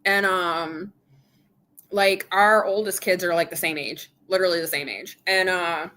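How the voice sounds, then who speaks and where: A woman's voice: on the low side, steady tone, measured pace, bright, forceful tone. A middle-aged woman hosting a casual live chat, candidly retelling an argument and quoting both sides of it. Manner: candid storytelling, retelling an argument with quoted dialogue. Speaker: channel host.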